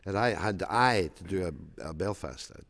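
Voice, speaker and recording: A Scottish actor in a jovial, chatty backstage interview. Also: male voice, sits low, normal speed, fairly bright tone. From Scotland.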